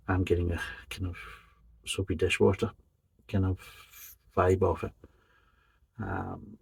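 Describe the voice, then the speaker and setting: A man reviews a beer in a casual yet methodical way, describing each flavour in detail. His voice is deep and husky, and the audio quality is poor.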